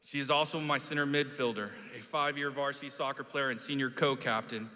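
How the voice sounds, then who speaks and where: A man's voice: medium pitch, steady tone, brisk, bright, forceful tone. A male teacher and coach giving a heartfelt introduction speech at a graduation, fighting tears. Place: large hall. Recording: echoey hall.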